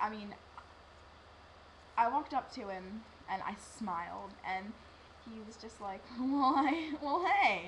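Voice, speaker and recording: A woman's voice: a little high, slight background noise, low-quality recording. A teenage girl telling a personal story in a rambling, emotional way, acting out what people said. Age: teens. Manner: rambling, emotional, lively with acted-out quotes. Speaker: vlogger.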